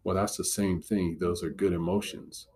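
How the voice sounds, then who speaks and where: A man's voice: low-pitched, fairly even intonation, moderate pace, a little mellow, slightly rough. A man giving a devotional teaching talk as a Christian motivational speaker, earnest and encouraging, driving points home with repetition.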